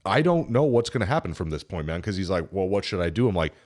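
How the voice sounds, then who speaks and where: A man's voice: deep voice, sing-song, quick pace, a little mellow. A man co-hosting a podcast, retelling a workplace story in a joking, casual way and quoting the people in it. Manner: joking, retells stories with quoted dialogue. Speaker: podcast co-host.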